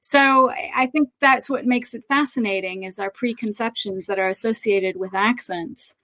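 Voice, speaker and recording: A woman's voice: on the high side, normal speed, fairly bright tone. A middle-aged woman with a Southern American accent, co-hosting a podcast in a thoughtful, reflective casual chat. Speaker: podcast co-host. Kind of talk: casual conversation.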